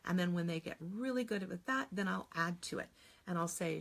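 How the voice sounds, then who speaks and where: A woman's voice: fairly low pitch, a little fast, creaky, a bit bright. A middle-aged woman teaching a phonics lesson on video, explaining patiently step by step and modeling each sound aloud.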